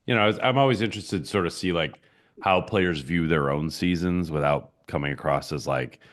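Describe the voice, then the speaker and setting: A man's voice: low voice, a little fast. A male sports reporter recounting player interviews in a laid-back way, full of ums. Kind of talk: casual sports talk.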